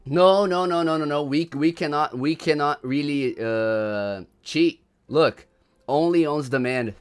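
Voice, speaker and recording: A man's voice: a little high, unhurried, clear, resonant tone, soft background music. A young man from Brazil with a Brazilian accent, hosting a casual livestream, laughing often and repeating himself in slangy chatter. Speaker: livestream host.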